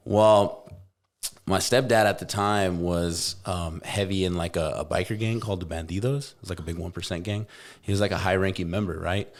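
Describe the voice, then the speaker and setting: A young man hosting a podcast, telling a story in casual chat, animated and swearing freely, acting out the voices he quotes. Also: lowish voice. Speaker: podcast host.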